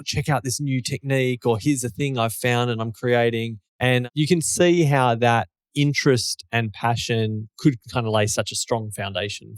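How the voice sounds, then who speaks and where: A man co-hosts a casual podcast chat, talking things through thoughtfully and at length, with a few small restarts. His voice sits at an ordinary middle pitch. The sound is close and dry, with no room echo. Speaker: podcast co-host.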